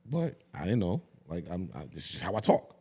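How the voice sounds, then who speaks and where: A man around forty, a podcast guest, chatting casually and telling stories in a profane, animated way. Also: low voice, a little fast, slightly rough.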